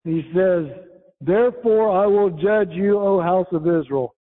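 High-voiced preacher on a tinny line. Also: male voice. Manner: rises in pitch when quoting scripture, slow and emphatic. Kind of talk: sermon reading and explaining scripture. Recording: tinny phone-like sound.

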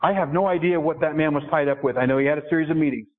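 Earnest preacher, tinny phone-like sound. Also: male voice, a little high, racing. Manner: earnest, asks the congregation questions. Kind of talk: sermon.

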